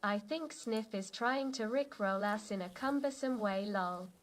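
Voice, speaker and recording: A synthetic woman's voice reading out viewers' chat messages in a flat, even way. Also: mid-range voice, a little slow. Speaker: text-to-speech chat reader.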